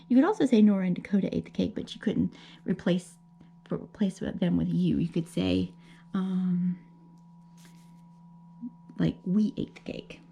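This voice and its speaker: Patient elementary teacher, woman, dark mellow voice, slow and gentle explaining to kids. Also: fairly low pitch, steady tone, gravelly, husky, muffled recording. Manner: gentle, patient, explaining slowly with many checks like okay. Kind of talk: remote grammar lesson for young children.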